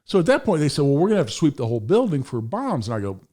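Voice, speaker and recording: A man's voice: on the high side, huge pitch swings, racing, dark tone. A middle-aged man telling a story as a podcast guest, emphatic and profane, acting out the voices of the people in it. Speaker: podcast guest, firearms attorney. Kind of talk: animated storytelling.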